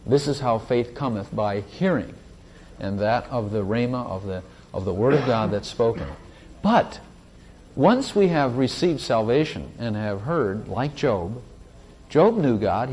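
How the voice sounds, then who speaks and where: A man preaching a sermon, praying and sharing testimony, who rises in pitch and volume at emphatic points and reads scripture slowly. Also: darkish tone. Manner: slow, drawn-out scripture reading.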